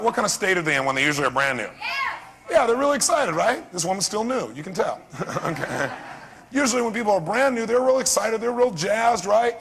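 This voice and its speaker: A man giving an animated live seminar talk as a motivational speaker, often quizzing his audience with questions. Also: high voice, creaky. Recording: long reverb of a seminar hall.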